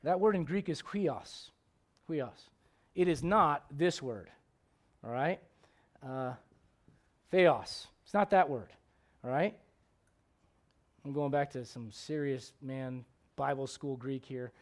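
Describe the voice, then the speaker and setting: A man preaching a sermon as pastor, swinging between loud emphatic questions and low, quiet asides. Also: slow pace, pauses often.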